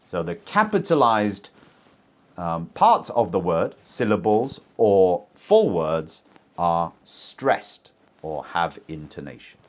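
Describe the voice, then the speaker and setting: A man teaching English as a native speaker, modelling sentences for learners to repeat in a pronunciation lesson. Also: low-pitched. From English-speaking country. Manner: very lively teacher intonation, slow deliberate pacing.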